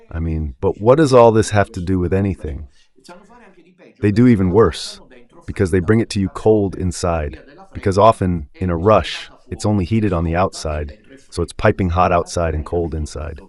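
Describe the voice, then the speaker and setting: A man's voice: sits low, darkish tone. A man giving a rambling spoken commentary on Catholic radio, full of rhetorical questions.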